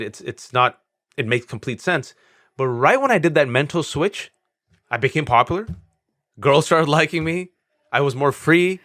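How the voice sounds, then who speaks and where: A man in his forties, a podcast guest, talking candidly as an animated storyteller, earnest and self-mocking. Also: a little high, no echo, clean studio sound. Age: 40s. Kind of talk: candid conversational interview.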